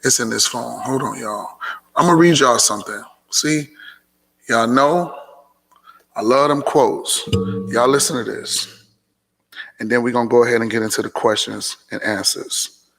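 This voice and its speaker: A man's voice: mid-range voice, a little slow, vocal fry, pauses often, a bit bright. A man giving casual motivational talk to his followers, preachy and repeating phrases for emphasis. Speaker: motivational vlogger hosting a Q&A. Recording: long hall reverb.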